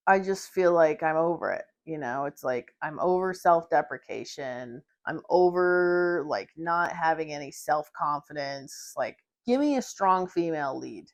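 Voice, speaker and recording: A woman's voice: low voice, unhurried, few pauses. A young woman giving a casual, opinionated book review to camera, sarcastic and swearing freely, often mocking characters in exaggerated voices. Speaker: book vlogger.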